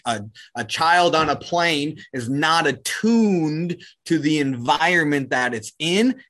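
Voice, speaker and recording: A man from New Zealand with a New Zealand accent, talking casually as an interview guest, full of "like" and "right?" and quick to laugh. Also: mid-range voice, a bit bright. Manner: casual, heavy use of "like" and "right?", laughs easily. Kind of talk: reflective conversational interview.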